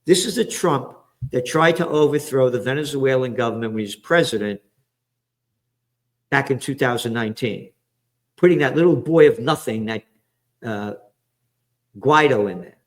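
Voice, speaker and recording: A man delivers a heated political rant, cursing freely and dripping with sarcasm. His voice is mid-pitched and ordinary, and he hops restlessly from one item to the next like a host reading through his own headlines. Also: normal speed, long pauses. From the Bronx, New York. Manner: profane, sarcastic, heated, jumps between topics. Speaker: commentator and host. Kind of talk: ranting political commentary.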